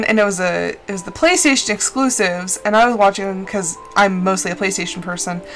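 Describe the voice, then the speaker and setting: A woman streamer chatting casually while playing a game, telling stories and acting out her own reactions. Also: fairly high pitch. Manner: chatty storytelling, acts out her own shouting. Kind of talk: casual gaming chat.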